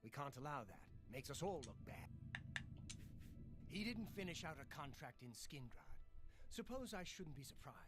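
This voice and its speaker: A scornful fantasy-game guild officer, clipped and belittling toward the newcomer he is giving orders to. The voice sits a little high and swings widely in pitch, with game music playing under him. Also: very animated, moderate pace, long pauses. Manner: curt and belittling. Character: gruff condescending male guild officer.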